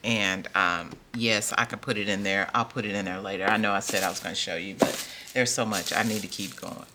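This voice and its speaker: A man's voice: on the low side, fairly even intonation, brisk, noisy background. A man chatting casually through an unboxing haul video, repeating himself and talking straight to his viewers. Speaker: stationery vlogger.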